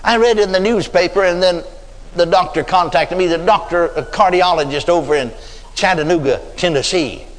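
An older man from Texas, preaching a sermon in a folksy storytelling manner with drawn-out emphasis. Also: high voice. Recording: reverberant hall.

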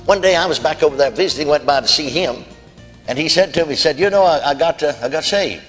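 A man's voice: a little high, fast, long reverb tail, faint music behind. A man preaching a sermon, telling folksy stories with quoted voices and chuckles. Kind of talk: sermon storytelling.

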